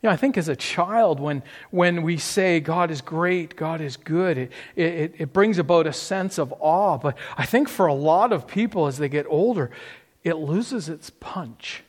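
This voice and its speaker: A man's voice: a little high, animated, normal speed. Man preaching in a reverberant hall. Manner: conversational, rhetorical questions, frequent restarts. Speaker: pastor. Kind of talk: sermon.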